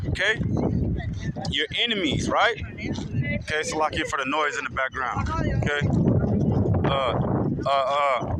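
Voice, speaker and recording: A man's voice: high-pitched, very noisy. A man reading scripture aloud and explaining it in a casual teaching style, checking in with "okay?" after almost every line. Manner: reads verses slowly, then explains with a constant "okay?". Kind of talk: informal scripture reading and commentary.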